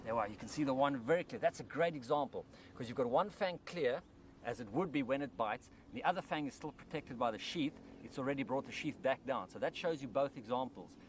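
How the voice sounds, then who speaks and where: A man presenting wildlife outdoors by paddy fields, with a middle-pitched voice and an eager, explaining manner. Faint outdoor sound sits behind him. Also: lively intonation, fairly quick, a little hiss or hum. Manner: enthusiastic, explains while handling animals.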